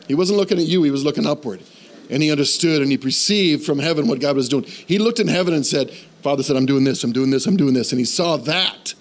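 Male pastor, higher-pitched voice, lively conversational sermon delivery with questions to the room. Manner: animated, conversational preaching with questions to the congregation. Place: church.

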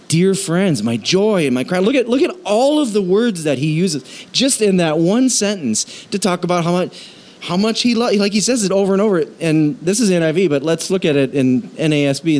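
A man preaching a sermon in a lively, conversational way, joking and asking the congregation questions. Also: a little high. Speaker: pastor.

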